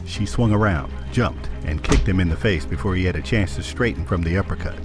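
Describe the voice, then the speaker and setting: A man narrating an audiobook in a measured, steady storytelling manner. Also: deep voice, music in the background. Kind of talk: scripted narration.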